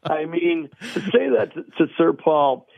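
Gravelly older man on a tinny phone line. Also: on the high side, measured pace, dry recording. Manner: rambling anecdotes with many fillers and restarts. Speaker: guest musician. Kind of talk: casual phone interview storytelling.

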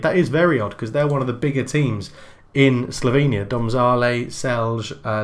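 A man's voice: mid-range voice, fairly bright tone. Chatty man commentating a game. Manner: chatty, thinking aloud with fillers and self-corrections. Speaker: gaming channel host.

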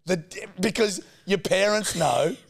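A man's voice: high-pitched, takes it slowly, vocal fry, slightly rough, no echo. An Australian man co-hosting a podcast, trading teasing jokes in casual chat. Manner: joking, teasing banter. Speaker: podcast co-host.

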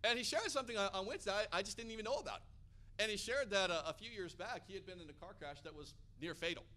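Bright-voiced, energetic American preacher man. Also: high-pitched, fast talker. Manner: energetic, rising to loud emphatic peaks. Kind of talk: sermon.

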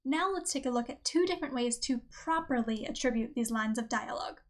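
A woman hosting a writing-advice podcast, reading a script in a clear, measured way. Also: on the high side, animated. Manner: clear, measured delivery, reading examples aloud. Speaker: podcast host.

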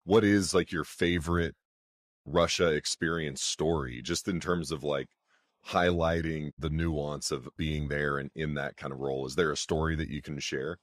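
A male podcast host with an extremely deep, low voice asks his guest long questions padded with fillers. The recording is dry and close, with no room sound. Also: fairly even intonation, moderate pace, dry recording. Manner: loose phrasing with frequent "like" fillers. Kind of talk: interview questions.

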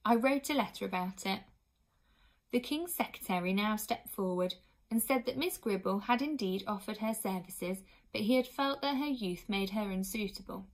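A woman reading a children's storybook aloud as narrator, clear and expressive. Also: medium pitch, moderate pace. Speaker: audiobook reader.

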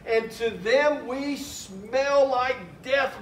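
High-voiced preaching man, echoey church. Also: a bit bright, slight background noise. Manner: earnest preaching, recites hymn verses slowly. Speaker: pastor. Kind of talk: sermon. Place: church sanctuary. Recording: echoey church room from a distant mic.

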